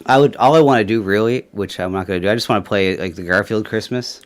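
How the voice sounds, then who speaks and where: Low-ish guy chatting on a stream, lots of uh and you know, keeps laughing softly. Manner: rambling, halting, many fillers and chuckles. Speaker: livestream host. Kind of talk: casual chat.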